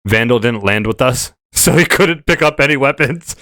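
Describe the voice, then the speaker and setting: A man's voice: mid-range voice, expressive, moderate pace, bright, forceful tone, no room sound. A man hosting a casual tabletop gaming podcast, rambling with many fillers and restarts. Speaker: podcast host. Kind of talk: casual chat.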